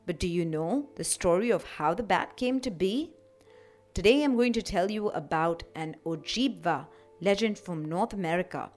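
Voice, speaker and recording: A woman tells a children's legend for a kids' radio show, her narration expressive and lively. Soft music runs faintly beneath her voice. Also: on the low side, moderate pace. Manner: expressive, warmly animated storytelling.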